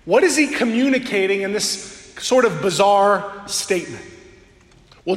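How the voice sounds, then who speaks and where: A man preaching a sermon to a congregation in a church, earnest and drawing out key words slowly for emphasis. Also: sits high, fairly bright tone. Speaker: pastor. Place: church sanctuary before a congregation. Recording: echoey hall with long reverb.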